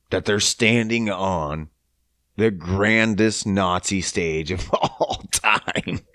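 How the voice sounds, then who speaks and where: A man's voice: on the low side, fairly bright tone, no echo, clean studio sound. A man from Canada hosting a podcast, ranting in a casual, profane, incredulous and sarcastic way. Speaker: podcast host. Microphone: podcast mic.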